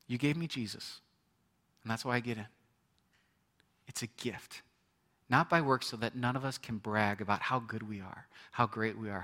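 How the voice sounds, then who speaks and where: A man's voice: medium pitch, sharp tone. A man preaching a sermon as pastor, conversational, with repetitions and asides to the congregation.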